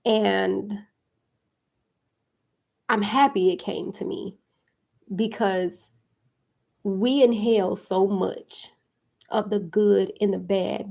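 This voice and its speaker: A woman with a gravelly, creaky voice speaks in a relaxed, chatty way, hosting a spiritual podcast. She talks casually, filling her sentences with ums and likes. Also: mid-range voice. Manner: relaxed, chatty, with frequent fillers and laughs. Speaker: podcast host and card reader.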